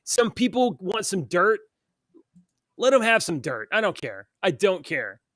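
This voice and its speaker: A man's voice: sits high, big pitch swings, a little slow, a bit bright, no echo, studio quality. A man co-hosting a morning talk show, reading news aloud and ranting about it with scorn. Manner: heated, scornful, reads news aloud then rants. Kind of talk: opinionated political rant.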